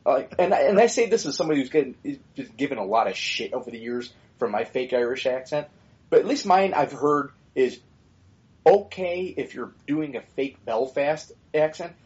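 A man's voice: medium pitch, animated, normal speed, darkish tone, highs cut off. Blunt, swearing man on a podcast. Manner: blunt, swears freely, rambling asides. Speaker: podcast co-host. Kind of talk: casual opinionated chat.

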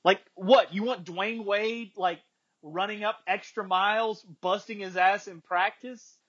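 A man with a notably high voice rants bluntly in a casual sports chat, pressing his opinions hard. The sound is dull and lo-fi. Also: steady tone, a little slow, a bit bright. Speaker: podcast co-host.

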